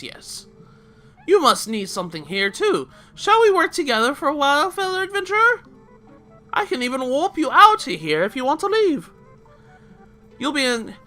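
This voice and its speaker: A man's voice: very high-pitched, bright, forceful tone, pitched above the performer's own voice, exaggerated voice. A man voicing an odd little bird-human woman with a put-on accent, polite and eager to help. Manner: fussy, prim exclamations.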